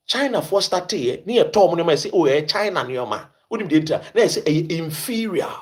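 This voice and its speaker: A man with a Ghanaian accent delivers an impassioned, preachy commentary. His voice swings widely and sits a little high. He hammers his points by repeating phrases and slips into Twi. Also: lively intonation, fast, few pauses. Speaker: host.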